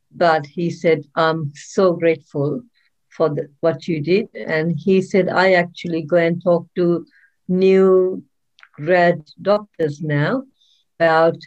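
A woman's voice: fairly low pitch, a little mellow, lo-fi sound. A woman, a former nurse and author, telling a moving story in an interview, heartfelt and full of ums and restarts.

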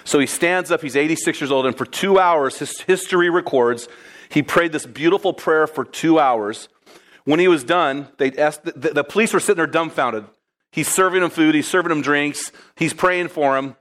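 Male preacher, conversational, lively storytelling, slightly high voice. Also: moderate pace. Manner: lively, conversational, addresses listeners as guys. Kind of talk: sermon storytelling.

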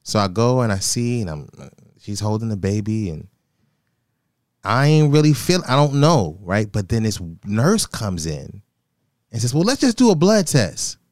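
A man tells a personal story in a casual chat. He gets animated and quotes himself. The sound is close and dry. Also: on the low side, measured pace, no echo. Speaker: guest telling his story.

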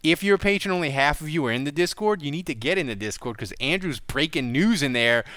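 Lively, excitable male podcast host. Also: fairly high pitch, quick pace, no room sound. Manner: excitable, emphatic, profane. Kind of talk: casual podcast chat.

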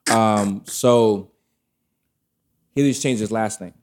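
A man casually telling a personal story, candid and animated, acting out the dialogue. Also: fairly low pitch, slow pace, background noise. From Brooklyn, New York family roots.

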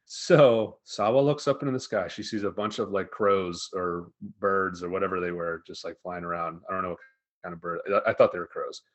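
A man co-hosting a casual podcast, recapping an anime episode in a profane, animated storytelling manner. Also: low-pitched, fairly quick. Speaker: podcast co-host.

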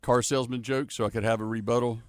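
A man's voice: medium pitch, flat delivery, quick pace, smooth, no echo. A man appearing as a guest on a radio talk show, good-humored and self-deprecating. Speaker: guest, car dealership manager. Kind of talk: casual interview chat. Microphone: studio mic. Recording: dry studio sound.

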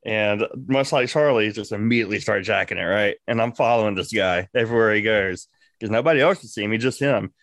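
A man co-hosting a podcast, telling a crude, animated comic story full of profanity. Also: on the low side, brisk, no echo, clean studio sound. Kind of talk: casual comedic storytelling.

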